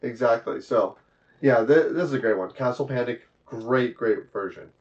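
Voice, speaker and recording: A man's voice: medium pitch, normal speed, over a noisy crowd. Easygoing man on a lo-fi podcast. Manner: agreeable, frequent short affirmations. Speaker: podcast co-host. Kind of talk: casual chat about board games. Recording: dull lo-fi audio.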